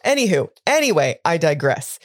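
A woman's voice: deep voice, big pitch swings, moderate pace, no echo, clean studio sound. A woman co-hosting a podcast in casual chat, recapping chapters, swearing and laughing often. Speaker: podcast co-host.

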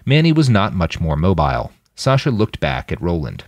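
A man narrating a thriller audiobook in an expressive, dramatic manner. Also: sits low, normal speed, hardly any pauses, no echo, studio quality. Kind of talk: scripted narration.

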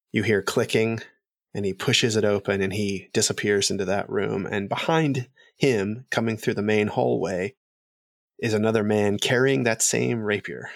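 A man narrating as game master in a rambling, halting way with many fillers. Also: fairly low pitch, vocal fry, a bit bright, no room sound, studio quality.

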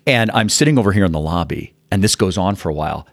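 A man in his fifties from Utah, telling animated stories as a guest in an interview and acting out the people in them. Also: low voice, fast talker, gravelly, dry recording. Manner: animated, acts out quotes in the story. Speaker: guest, fund manager. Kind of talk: storytelling interview.

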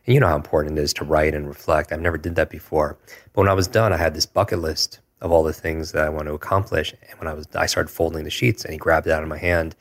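A man in his forties, a guest telling a personal story in an earnest, reflective way, often pausing with fillers. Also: extremely low pitch, fairly even intonation. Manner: earnest, reflective, with frequent hesitations and filler words.

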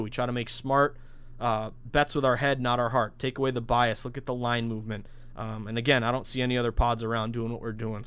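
A man in his thirties hosting a sports betting podcast alone, talking in a hyped, salesy rush with sudden loud bursts. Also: mid-range voice, clear, resonant tone, dry recording. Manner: hyped, salesy, rapid-fire with bursts of shouting. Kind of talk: solo podcast monologue.

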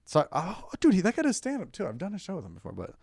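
A male comedian co-hosting a podcast, telling crude stories in a laid-back way and slipping into voices for the bits. His voice is a little high and moves lively up and down. The room sounds dry and close to the mic. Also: fast talker, creaky, husky, no echo. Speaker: podcast co-host, stand-up comedian.

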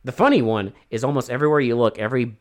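A man's voice: medium pitch, racing. A man co-hosting a podcast, recapping a film in casual chat, rambling and swearing, with frequent restarts. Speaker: podcast co-host. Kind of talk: casual movie review chat.

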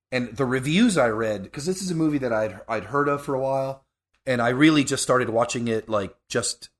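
Male podcast co-host, mid-pitched, rambling casual talker. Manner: chatty, rambling, restarts often. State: sneezing and coughing.

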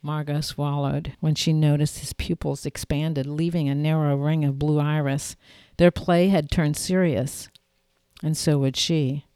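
A woman narrating an audiobook in a steady, clear storytelling manner. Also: low voice, measured pace, dry recording, studio quality.

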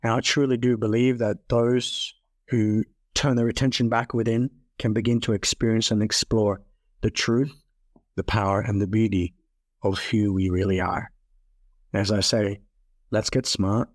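A man hosting a wellness podcast, giving an earnest motivational presentation with repeated phrases and soft, slowed emphasis. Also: fairly low pitch, level tone, dry recording. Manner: earnest, repetitive, slow soft emphasis on key lines.

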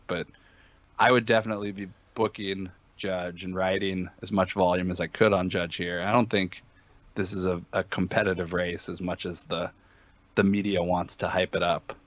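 An opinionated man breaks down sports betting picks in a casual podcast chat. He talks emphatically, with lots of fillers and restarts. His voice sits low, and the recording is dull and dry. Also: steady tone, moderate pace, no echo.

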